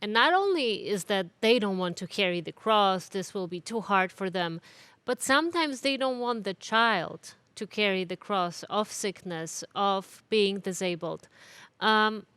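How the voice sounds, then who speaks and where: Polish-accented woman interviewer, smooth and clear, halting questions. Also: mid-range voice, animated, fairly bright tone, no echo. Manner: careful, hesitant, many fillers.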